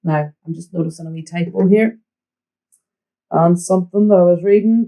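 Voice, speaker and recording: A woman teaching a flute lesson, giving tips and counting the student in with steady encouragement. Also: lowish voice, normal speed, long pauses, lo-fi sound. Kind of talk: online music lesson.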